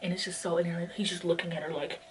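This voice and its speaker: A woman's voice: lowish voice, steady tone, fast, a little hiss or hum. A young woman in her twenties vlogging while walking, chatting in a rambling way full of fillers, a bit out of breath. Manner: rambling, filler-heavy, lots of "like". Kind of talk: casual chat. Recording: distant mic with faint ambience.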